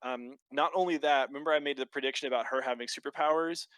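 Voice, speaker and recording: With a mid-range voice and no echo, a male podcast co-host recaps a show in casual chat, storytelling quickly and animatedly while swearing and using lots of fillers.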